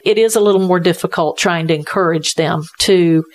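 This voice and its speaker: A woman's voice: lowish voice, brisk. A woman who runs a tech support business for seniors, talking earnestly in a conversational interview and repeating her points for emphasis.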